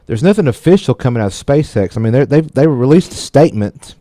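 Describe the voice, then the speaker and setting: A man's voice: medium pitch, animated, quick pace, warm tone, dry recording. A man co-hosting a radio tech show, reading news stories aloud and often tripping over words and joking about it. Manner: stumbles over words and laughs at himself. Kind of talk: casual radio news chat.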